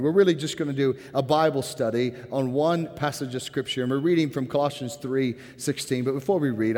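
A man preaching a sermon as pastor, earnest and impassioned, dropping to a hushed tone when he prays. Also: medium pitch. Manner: earnest, rising to impassioned then softening to a hushed prayer. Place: church sanctuary. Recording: church hall with long reverb.

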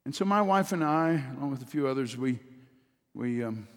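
A man's voice: mid-range voice, animated, normal speed. A man preaching a sermon as pastor, leading his congregation in call-and-response with rising, emphatic delivery. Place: church sanctuary. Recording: long reverb of a church hall.

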